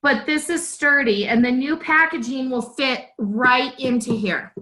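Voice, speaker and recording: Unhurried, bright-voiced chatty woman. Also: sits high, low-quality recording. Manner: chatty, demonstrating with excited asides. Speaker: sales team member. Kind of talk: casual livestream chat, showing a product.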